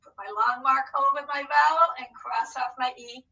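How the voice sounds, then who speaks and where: A woman's voice: sits high, fairly even intonation, moderate pace, gravelly, bright, forceful tone, far from the mic, low-quality recording. A woman teacher leading a recorded phonics lesson, upbeat and coaxing as she talks to unseen students.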